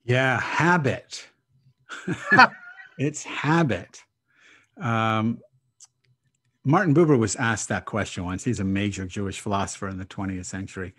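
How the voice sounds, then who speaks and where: A rabbi speaking as a guest on a video call, reflective and hesitant, laughing often between thoughts. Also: male voice, on the low side, a little slow, long pauses, bright, forceful tone. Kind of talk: casual spiritual talk over video call.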